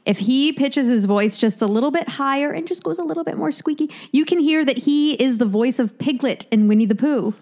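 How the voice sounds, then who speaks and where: A woman's voice: sits high, fairly quick, few pauses, darkish tone. A woman co-hosting a podcast, chatting enthusiastically and sharing personal talk. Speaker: podcast host. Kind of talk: casual podcast chat.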